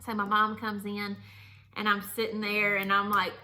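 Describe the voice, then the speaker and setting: A young woman in her late twenties telling a personal story to camera in a chatty, candid, animated way, laughing often. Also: mid-range voice, normal speed. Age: young adult. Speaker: vlogger.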